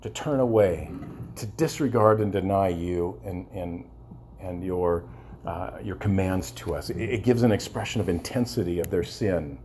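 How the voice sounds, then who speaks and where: The low, slightly mellow voice of a male pastor comes at normal speed, with a little hiss or hum in the audio. He preaches fervently, often repeating words and restarting, and asks the congregation "amen?"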